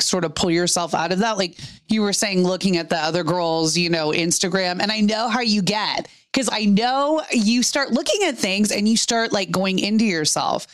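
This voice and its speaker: A woman's voice: medium pitch, no room sound, studio quality. A woman in casual chat, emphatic and frankly encouraging.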